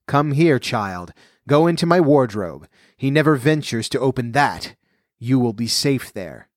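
A loud, bossy one-eyed giantess from a storybook, put on by a man reading aloud. She scolds and commands in a booming tone, slightly raised in pitch. The sound is dry and close. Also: expressive, measured pace, no echo, natural voice.

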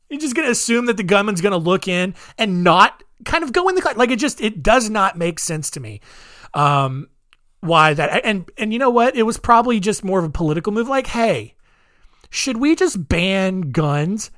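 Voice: medium pitch, very animated, normal speed, a bit bright, no echo, studio quality. A podcast host giving solo commentary in a rambling way, leaning heavily on filler words. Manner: rambling, heavy use of "like".

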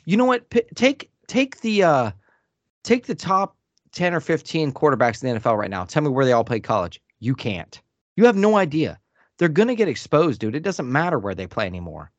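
A blunt, animated man argues about college sports in casual chat, his pitch swinging widely as he talks. The recording sounds dull and lo-fi, and the room is dead dry. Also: fairly quick, no echo. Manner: blunt, animated, says "dude" often.

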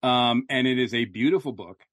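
Man, podcast host, mid-pitched, jokey, casual, dry close sound. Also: moderate pace, fairly bright tone, no echo. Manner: upbeat, jokey, full of fillers. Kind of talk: casual chat.

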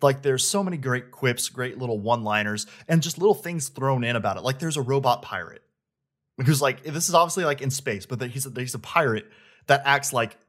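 A man's voice: mid-range voice, expressive, a little fast, a bit bright. A man hosting a casual chat, rambling enthusiastically about a video game. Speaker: host, game reviewer.

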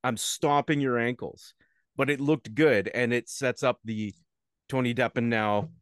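A man's voice: mid-range voice, steady tone, unhurried, dry recording. Male co-host, rambling casual chat, dry close recording. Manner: rambling, with frequent fillers and restarts.

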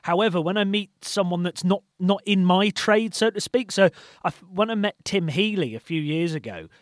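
A man's voice: sits high, moderate pace, no echo, studio quality. A man hosting a podcast, a chatty storyteller who tells anecdotes and laughs easily. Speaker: podcast host. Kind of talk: casual chat.

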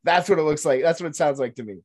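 A man's voice: fairly high pitch, quick pace, husky. Blunt, crude-joking man in banter. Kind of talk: casual comedic banter.

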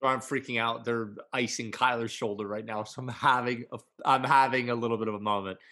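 A man's voice: medium pitch, steady tone, fairly quick, pushed and bright. A man co-hosting a sports podcast, giving blunt, opinionated takes in casual chat. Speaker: podcast co-host.

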